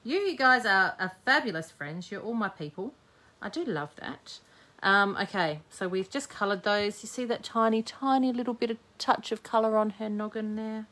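A woman's voice: mid-range voice, moderate pace, bright, forceful tone. A woman hosting a live-streamed crafting demo, chatting cheekily with her viewers as she works. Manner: chatty, cheeky, talks while working. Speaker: scrapbooking host.

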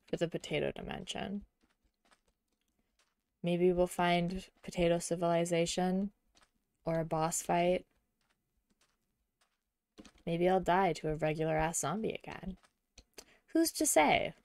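A young adult woman streaming a video game, chatting casually and giggling, often murmuring quietly to herself. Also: lowish voice, little pitch movement, slow pace, pauses often, no echo. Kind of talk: casual gameplay chat.

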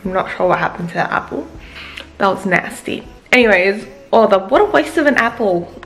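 A woman's voice: medium pitch, moderate pace, soft background music. A young woman, chatting casually to camera in a vlog, giggly and full of "like" and "literally". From Australia. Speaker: vlogger.

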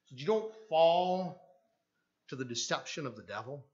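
Impassioned preacher with a dull recording. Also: male voice, on the high side, animated, normal speed. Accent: Canadian English. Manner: dramatic preaching, acting out voices in quotes, swings from hushed to loud. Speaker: pastor. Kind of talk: sermon.

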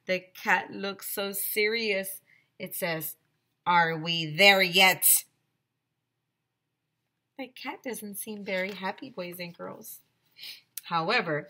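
Slow, bright-voiced woman teacher reading aloud. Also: medium pitch. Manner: expressive, gasping with excitement; chatty asides to the class. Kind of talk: reading a picture book aloud to children.

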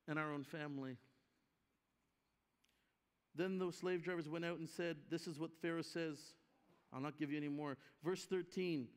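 A man's voice: fairly high pitch, a bit bright. A man preaching a conference sermon with emphasis, acting out the voices of people in his story. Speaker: guest preacher. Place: church hall. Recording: live hall with long reverb.

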